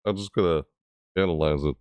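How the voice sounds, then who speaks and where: A man giving casual reaction commentary on a gaming video, thinking aloud in rambling, stop-start asides and breaking into loud screeching imitations. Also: low-pitched, fairly quick, no room sound.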